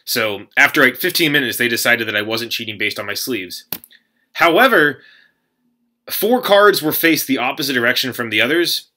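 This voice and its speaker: Bright-voiced young man rambling a story. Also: medium pitch, normal speed. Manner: rambling, animated, many fillers and restarts. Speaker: card game player recounting a tournament. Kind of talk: casual storytelling to camera.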